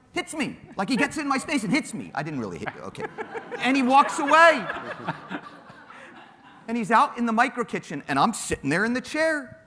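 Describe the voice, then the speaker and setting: Lively, bright-voiced man telling a story. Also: very high voice, a little fast, in a large hall. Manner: lively, self-mocking, acts out quotes. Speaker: panel guest telling a story. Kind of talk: animated storytelling.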